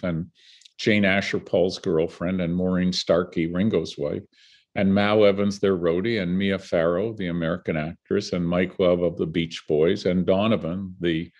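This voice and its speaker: A low-pitched male voice with lo-fi audio quality. He's an older Canadian filmmaker appearing as a guest in a conversational interview, telling stories with animation and acting out the people he quotes.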